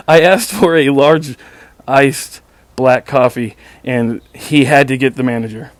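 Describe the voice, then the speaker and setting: A man hosts his own show, speaking slowly at medium pitch with no room sound. His casual storytelling monologue is sarcastic, exasperated and full of profanity, and he keeps stammering and restarting his sentences.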